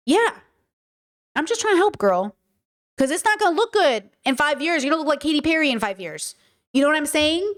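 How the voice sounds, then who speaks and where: A woman streamer with a high voice reacts to a clip in loose, emphatic commentary. She hammers her points through repetition and slips into mock voices when she quotes people. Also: sing-song, quick pace. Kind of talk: casual commentary.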